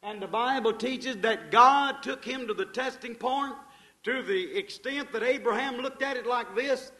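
A man preaching a sermon in a fervent, folksy way, swinging between loud passages and hushed ones and calling his listeners folks. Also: very high voice, unhurried, poor audio. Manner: folksy, addresses the audience as folks.

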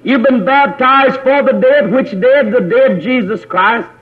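This preacher's voice is very high, a little slow and edged with breath. He goes over his points again and again, puts questions to the congregation and calls out brothers by name, all on a tinny lo-fi recording that sounds like a phone.

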